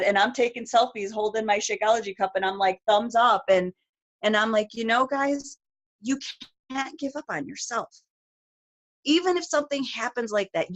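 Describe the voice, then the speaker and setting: A middle-aged woman speaks as a guest on a group call, telling a personal story. She talks quickly and with feeling, and her sentences are full of fillers and restarts. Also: a little high, fairly bright tone. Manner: emotional, rapid storytelling with many fillers.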